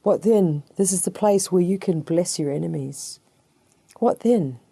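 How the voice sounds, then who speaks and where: A woman's voice: fairly low pitch, unhurried, gravelly, dark tone, dry recording. A woman preaching a sermon, repeating phrases and asking herself rhetorical questions. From New Zealand. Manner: repetitive, rhetorical call-and-response questions.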